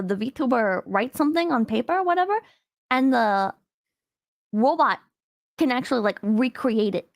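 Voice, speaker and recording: Young woman on a podcast, high and bouncy voice, teasing and laid-back. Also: no room sound, clean studio sound. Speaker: guest, VTuber. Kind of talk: casual chat.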